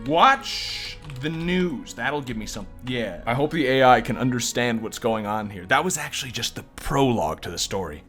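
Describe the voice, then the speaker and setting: A young man doing comedic game commentary, reading text aloud in quick bursts, laughing often and joking crudely. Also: fairly high pitch, fairly bright tone. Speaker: gameplay commentator. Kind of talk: comedic let's-play narration.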